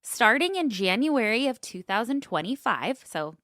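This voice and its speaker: A woman with a bright, fairly high voice tells stories on a podcast, animated and casual. She swears freely and acts out what people said. The sound is dry and close. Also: moderate pace, no room sound. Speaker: podcast co-host. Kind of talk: casual chat.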